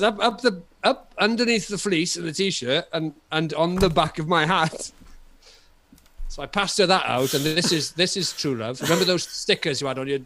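Bright-voiced Welsh man telling a story. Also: sits high. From Wales. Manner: animated, repetitive storytelling with frequent laughter. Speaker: guest comedian. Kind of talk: comic anecdote on a podcast.

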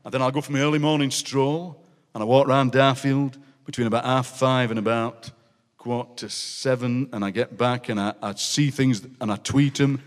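A man's voice: mid-range voice, normal speed. A middle-aged man with a Yorkshire accent, a guest poet telling rambling comic anecdotes on a live stage. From Yorkshire, England. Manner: animated, rambling anecdotes, laughing. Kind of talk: live comic storytelling chat. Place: city hall stage before audience. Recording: long hall reverb.

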